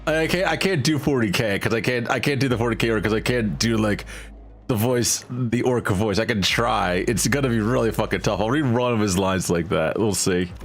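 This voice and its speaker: A man's voice: lowish voice, fairly quick, faint music behind. A man streaming a game, chatting casually, rambling and swearing freely with self-deprecating jokes. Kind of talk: casual gameplay commentary.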